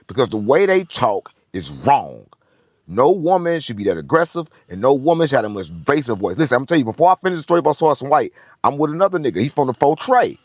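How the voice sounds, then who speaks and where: Lively, boastful male storyteller. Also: medium pitch, no room sound, clean studio sound. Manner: profane, repetitive, boastful. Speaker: show host. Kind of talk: casual storytelling rant.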